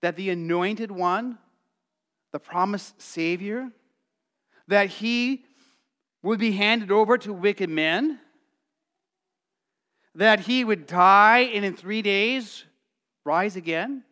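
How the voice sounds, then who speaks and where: A male pastor preaching a sermon, telling the story in a lively way and acting out excited voices. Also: sits high, slow, pauses often. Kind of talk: Easter sermon.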